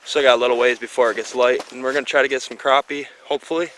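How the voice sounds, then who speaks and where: A man's voice: mid-range voice, steady tone, rapid-fire, fairly bright tone, a little hiss or hum. A man from Michigan hosting a fishing vlog, talking in an easygoing, chatty way full of fillers, recorded on a camera mic outside by a rural lake. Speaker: fishing show host. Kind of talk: casual outdoor vlog chat.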